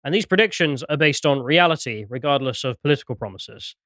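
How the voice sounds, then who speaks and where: A man's voice: mid-range voice, animated, brisk, fairly bright tone, dry recording, clean studio sound. A young British man hosting a casual podcast, chatty and self-mocking, often laughing at himself. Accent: British English. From Britain. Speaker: podcast host.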